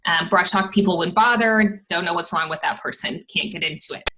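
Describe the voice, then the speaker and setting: Lower-voiced woman presenting a webinar. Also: brisk, noisy background. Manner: explains from slides, with frequent "um" fillers.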